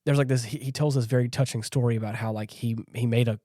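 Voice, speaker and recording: A man's voice: mid-range voice, steady tone, quick pace, warm tone, no room sound, clean studio sound. A man co-hosting a podcast, retelling a horror film scene by scene in loose, rambling casual chat full of fillers. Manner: rambling, filler-heavy retelling with acted quotes. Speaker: podcast co-host. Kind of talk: casual movie recap chat.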